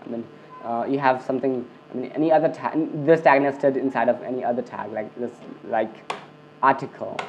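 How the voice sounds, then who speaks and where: This coding tutor's mid-range voice stays fairly even at a moderate pace as he walks through a screencast lesson. Restarted sentences and fillers like "okay" and "I mean" run through his speech. Slight background noise sits in a dull, lo-fi recording.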